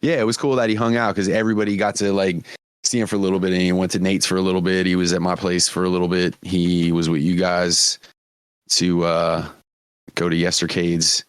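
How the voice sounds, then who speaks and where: A man's voice: low voice, level tone, brisk, smooth, no echo. A man hosting a podcast, telling stories in casual chat, swearing freely and laughing often. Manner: profane, laughing storyteller. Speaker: podcast host.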